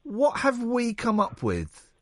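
Radio host, man, playful and rambling, very animated pitch. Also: slow pace, no echo, clean studio sound. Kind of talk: casual radio chat. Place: radio studio.

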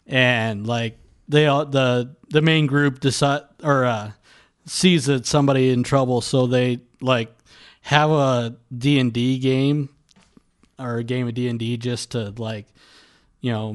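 Laid-back guy in a podcast chat, middle pitch, lots of uh and like. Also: takes it slowly. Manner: relaxed, hesitant, many fillers. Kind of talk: casual chat.

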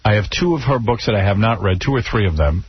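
A man's voice: fairly low pitch, expressive, fast, husky. A male radio host telling a self-mocking, complaining comic story in casual banter. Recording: slightly muffled radio broadcast.

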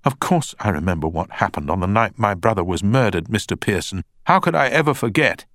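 A man voicing a defiant, emotional young woman witness in court, raising his voice high to protest and insist. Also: expressive, a little fast, a bit bright, dry recording, clean studio sound. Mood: insistent. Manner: raised falsetto, insistent protests. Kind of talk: audiobook character voice.

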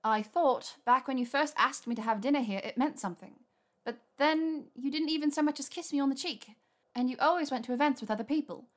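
A woman's voice: high-pitched, pitched above the performer's own voice, lightly acted. Woman voicing a flustered, earnest young witch. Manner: rushed, nervous and earnest.

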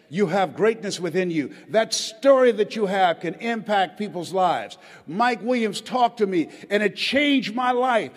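A man giving a rousing motivational speech on a stage, urging the audience to respond. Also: high voice. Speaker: motivational speaker. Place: stage before a live audience. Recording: long hall reverb.

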